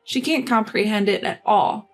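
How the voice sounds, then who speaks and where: A woman telling a first-person story in a measured, matter-of-fact way. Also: medium pitch. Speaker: narrator. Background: faint music.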